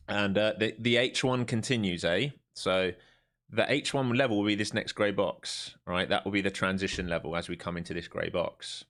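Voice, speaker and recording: A man from England, his voice low but fairly bright, broadcasts his futures trading live. He's talkative and jokey, laughing often and slipping in quick gags between calls on chart levels.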